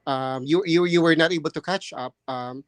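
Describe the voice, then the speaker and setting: A man's voice: fairly high pitch, normal speed, no room sound. A man answering mock speaking test questions hesitantly, with many fillers and restarts, and speaking politely. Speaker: nursing candidate practising for a speaking test. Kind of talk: mock exam answer and chat.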